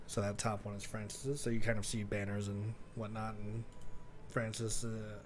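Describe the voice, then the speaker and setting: A man narrating a tabletop game as game master in a relaxed, plain manner. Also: on the low side, moderate pace, slight background noise.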